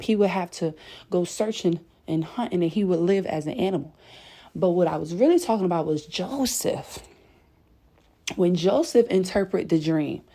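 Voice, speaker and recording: Breathless woman preaching with a dark, mellow voice. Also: on the low side. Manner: preachy, emphatic, addresses viewers directly with "y'all" and "okay?". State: breathless from pacing. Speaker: spiritual content creator. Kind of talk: impassioned spiritual message to viewers. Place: indoors at home, late at night.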